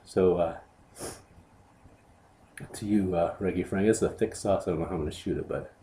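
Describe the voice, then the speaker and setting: A man who reviews hot sauces, giving a heartfelt spoken tribute to a friend in a subdued, halting way. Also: deep voice, warm tone, a little hiss or hum.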